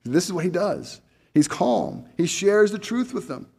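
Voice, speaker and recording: A man's voice: high-pitched, very animated, measured pace, gravelly, a little mellow, breathy edge, big-room sound. A male pastor preaching a sermon in a conversational way, full of rhetorical questions and restarts.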